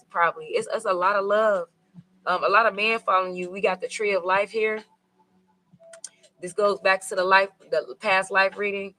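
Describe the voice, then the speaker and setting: Bright-voiced woman giving a rambling tarot reading. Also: medium pitch, poor audio. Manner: rambling, conversational, with many fillers. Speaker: tarot reader.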